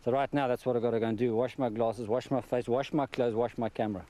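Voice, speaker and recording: Speaking fast in a medium pitch, a man hosts a wildlife documentary on location outdoors in the wild. He's excitable, exclaiming and addressing the animal right in front of him.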